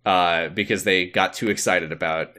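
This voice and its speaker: Recapping a TV episode, a podcast co-host speaks in a low, fairly even voice at normal speed, his tone bright and forceful. The chat is casual, and his manner is sarcastic and exasperated, with some swearing.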